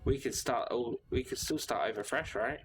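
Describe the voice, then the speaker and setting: A man's voice: medium pitch, normal speed, faint music behind, natural voice. A man voicing a despairing, angry office worker who rants and curses bitterly in a horror visual novel. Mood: anguished. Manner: bitter, cursing, ranting.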